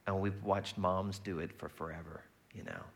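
A man preaching a sermon in a conversational, lively way, often slipping into quoted voices. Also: low-pitched, moderate pace, gravelly. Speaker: pastor.

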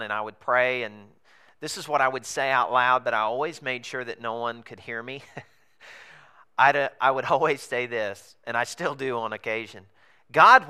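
A man preaching in a relaxed, storytelling way, his voice bright and forceful. His delivery is smooth and crisp, loose and chatty, with fillers and chuckles. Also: mid-range voice. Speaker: pastor planting a church. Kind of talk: conversational sermon storytelling. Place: theater in a comedy club.

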